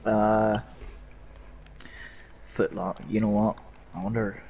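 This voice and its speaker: Sweary Northern Irish lad ranting over a game. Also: male voice, lowish voice, flat delivery, slow, vocal fry, a little mellow, muffled recording, a little hiss or hum. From Northern Ireland. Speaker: gaming streamer. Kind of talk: casual chat while gaming.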